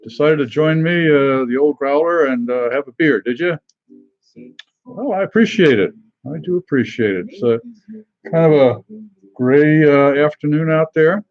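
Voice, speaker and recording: A man's voice: fairly high pitch, no echo, narrow, tinny audio. Rambling man hosting a beer stream. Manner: rambling and halting, many fillers, greets viewers by name. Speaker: host of a live beer tasting stream. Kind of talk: casual live-stream chat.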